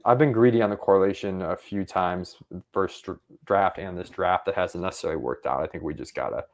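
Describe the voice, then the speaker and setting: A man's voice: low voice, a little fast. A man co-hosting a casual fantasy football draft podcast, thinking aloud and talking himself into picks. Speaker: podcast co-host.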